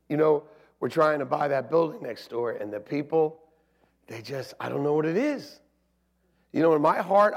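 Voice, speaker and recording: Gravelly high-voiced preacher in a big reverberant hall. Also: male voice. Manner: animated, acts out quoted voices, swings loud and soft. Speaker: pastor. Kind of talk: lively storytelling sermon. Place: church sanctuary. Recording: long reverb in a large church hall.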